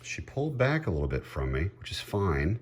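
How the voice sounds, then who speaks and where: A middle-aged man chatting casually as he cooks at home, laughing often and getting excited. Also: low-pitched, fairly quick, breathy edge. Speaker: home cook. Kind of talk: casual cooking vlog.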